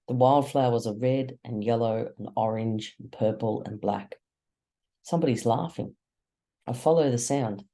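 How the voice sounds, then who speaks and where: A reader narrating a first-person novel chapter slowly, with measured dramatic pauses. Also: mid-range voice, gravelly, warm tone. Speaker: audiobook narrator.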